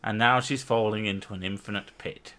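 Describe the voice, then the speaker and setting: A man's voice: fairly low pitch, fairly even intonation, a little fast, sharp tone. A man hosting casual chat at home with his wife, bantering and arguing with lots of swearing. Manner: profane, argumentative banter. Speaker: channel host.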